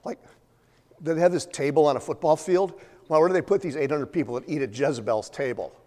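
A man's voice: a little high, fast, warm tone. A man preaching a sermon, retelling a story in a conversational way with many fillers and humorous asides. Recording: long hall reverb.

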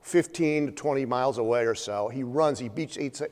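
A man's voice: medium pitch, normal speed, darkish tone. A man preaching a sermon, retelling a story in a conversational way with many fillers and humorous asides. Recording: long hall reverb.

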